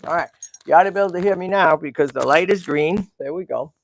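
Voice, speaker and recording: Gravelly-voiced man hosting a live stream. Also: fairly high pitch, quick pace. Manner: emotional, talks to viewers and animals, many restarts. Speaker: livestream host. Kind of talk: casual live stream chat.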